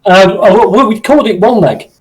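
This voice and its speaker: A man, a former soldier, telling animated anecdotes in a casual chat and laughing often. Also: high-pitched, moderate pace, low-quality recording.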